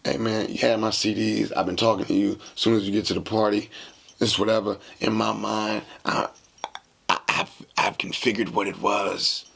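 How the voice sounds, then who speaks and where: A man hosting a podcast, telling a casual story in a slangy, animated way and acting out the dialogue. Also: on the low side, normal speed, vocal fry, husky. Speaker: podcast host.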